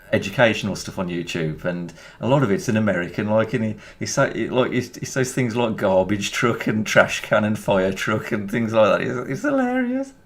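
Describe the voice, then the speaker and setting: A man with a Birmingham accent chatting casually while playing a video game, rambling and chuckling often. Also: lowish voice. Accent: Birmingham English. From England. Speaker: gaming YouTuber. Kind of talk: casual chat over gameplay.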